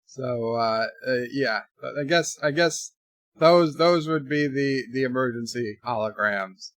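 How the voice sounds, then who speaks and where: Man streaming from home, bright sharp tone, dry close sound, rambling chat. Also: medium pitch, slow, dry recording. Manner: rambling, putting on silly accents. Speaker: livestream host. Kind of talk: casual chat reading viewer questions.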